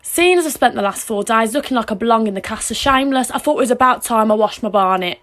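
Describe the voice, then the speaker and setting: Woman, makeup vlog, rapid cheeky chat, slightly high voice. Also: lively intonation, fairly bright tone. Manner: cheeky, self-mocking.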